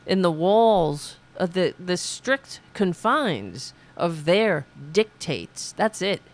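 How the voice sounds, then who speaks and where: A woman's voice: medium pitch, creaky. A woman hosting a political commentary show, talking in a sarcastic, mocking way. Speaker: podcast host.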